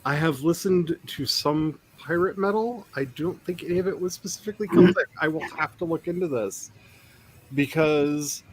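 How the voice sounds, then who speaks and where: A man's voice: fairly high pitch, moderate pace. Chatty man hosting a writing stream. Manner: rambling, chuckling, reads chat comments aloud. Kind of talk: casual live-stream chat.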